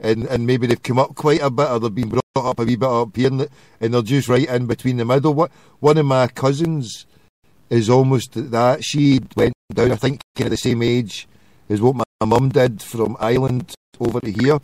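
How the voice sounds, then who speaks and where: A man's voice: medium pitch, steady tone, normal speed, darkish tone, no echo. A man with a Glaswegian accent hosting a casual call-in show and teasing his callers. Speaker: host of a call-in internet radio show. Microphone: phone call.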